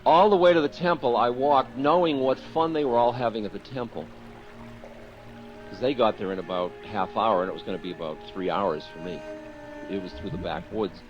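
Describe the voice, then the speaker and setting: A man's voice: fairly low pitch, brisk, faint music behind. Man telling a candid story, lo-fi. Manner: candid, self-mocking, breaks into chuckles. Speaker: spiritual teacher. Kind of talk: storytelling spiritual talk.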